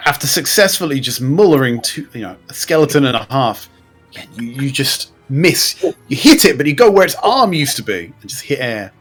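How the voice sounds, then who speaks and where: A man running a tabletop game as game master, with relaxed, descriptive narration and rules asides. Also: mid-range voice, fairly quick, breathy edge, faint music behind.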